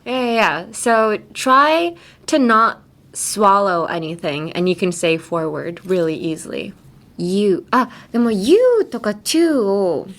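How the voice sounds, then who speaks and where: A woman's voice: mid-range voice, a bit bright. A woman hosting an English lesson podcast in a radio studio, chatting casually, laughing often and acting out playful pronunciation demos. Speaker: English teacher host. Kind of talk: casual teaching chat.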